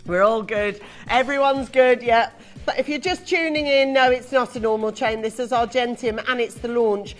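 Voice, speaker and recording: A woman's voice: on the high side, normal speed, faint music behind. Chatty British woman selling on live TV. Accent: British English. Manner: chatty, self-mocking, excitable. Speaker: shopping channel presenter. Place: TV studio.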